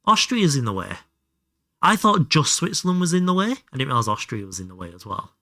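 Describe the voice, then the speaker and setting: A man's voice: on the high side, sing-song, brisk, sharp tone, no echo, studio quality. A young man chatting casually and thinking aloud while streaming a game, swearing freely. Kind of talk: casual live gameplay commentary.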